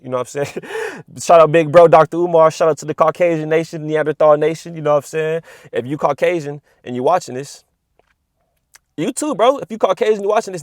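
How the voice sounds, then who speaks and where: Slightly high-voiced, a young man who vlogs about spirituality rants to camera about spiritual energy in a casual way. Expect swearing, repetition, street slang, and lots of "you know what I'm saying." The sound is dry and studio-clean.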